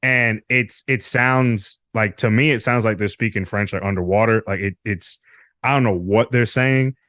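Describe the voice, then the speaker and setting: A man's voice: on the low side, moderate pace, fairly bright tone, smooth, no room sound, studio quality. A man from Alabama, a podcast guest chatting casually, rambling with frequent laughs and loose swearing. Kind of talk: casual interview chat.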